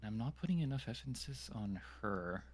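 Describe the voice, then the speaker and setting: A man's voice: lowish voice, lively intonation, a little fast, darkish tone. A man being coached in voice acting, reflecting in a hesitant, casual way. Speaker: voice acting student. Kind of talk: coaching session.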